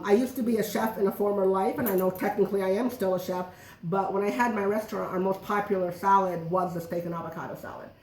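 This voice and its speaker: In an echoey home kitchen, a middle-aged woman jokes, chats and pokes fun at herself while demonstrating cooking for a small audience. Her mid-range voice has a darkish tone and comes from far away from the mic.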